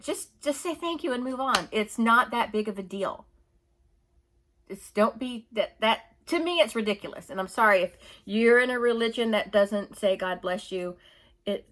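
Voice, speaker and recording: A woman's voice: medium pitch, fairly bright tone. Middle-aged lady vlogger going off on a rant, fired up, repeats herself a lot. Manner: indignant, emphatic ranting with repeated phrases. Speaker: YouTuber. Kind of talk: opinion vlog rant.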